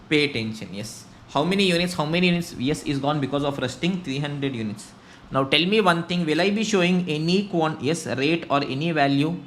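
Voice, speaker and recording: A man with an Indian English accent teaching cost accounting, firing rhetorical questions at students and swinging between loud bursts and low murmurs. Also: slight background noise. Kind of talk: online exam-prep lecture.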